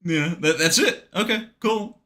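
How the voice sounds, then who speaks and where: A man with a bright, ringing and slightly high voice, chatting casually on a gaming podcast. He tells his stories bluntly and swears freely. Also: a little slow. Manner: candid, swearing, animated storytelling. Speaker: streamer co-host.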